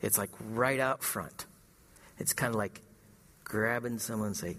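A male pastor preaching a sermon, emphatic, firing rhetorical questions and swinging between loud and hushed delivery. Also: on the low side, measured pace, pauses often, in a large hall.

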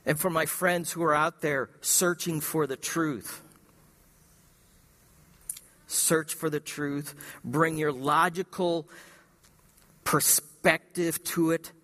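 A male pastor preaching a sermon, emphatic, firing rhetorical questions and swinging between loud and hushed delivery. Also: fairly high pitch, steady tone, slow pace, long pauses, big-room sound.

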